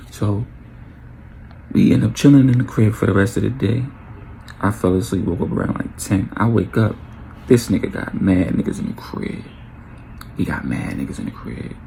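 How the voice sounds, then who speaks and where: Young New man, storyteller, gravelly voice, animated delivery, light background hiss. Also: fairly low pitch, normal speed, pauses often. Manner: animated, acts out quotes with sound effects. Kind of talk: casual storytime vlog.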